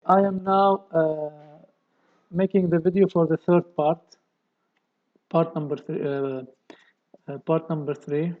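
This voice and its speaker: A man's voice: fairly high pitch, flat delivery, phone-quality sound. A man with a delivery, explaining a technical drawing step by step in a screen-recorded tutorial. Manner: slow, step-by-step explaining with many okays. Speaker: engineering tutorial presenter.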